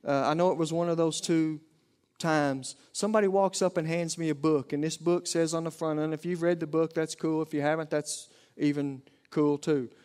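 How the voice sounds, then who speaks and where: A man's voice: a little high, fairly even intonation, normal speed, a little mellow, smooth. A middle-aged man with an Oklahoma Southern accent, preaching a folksy, conversational sermon to a congregation.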